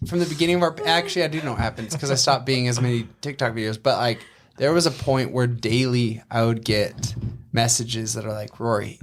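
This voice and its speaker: A young man chatting on a podcast as a guest. He tells stories in a joking, teasing way, with an ordinary mid-pitched voice. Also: brisk, slight background noise. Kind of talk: casual podcast chat.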